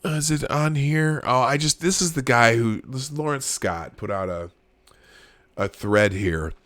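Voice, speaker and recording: A man in his forties runs a relaxed livestream, chatting directly with viewers, wandering off topic, restarting sentences and laughing at his own gags. His medium-pitched, fairly bright voice moves at a measured pace with no echo.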